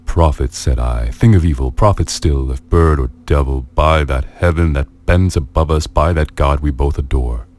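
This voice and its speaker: A male narrator with a darkish bass voice gives a theatrical, brooding dramatic reading of a poem at normal speed with few pauses. Faint music plays behind him.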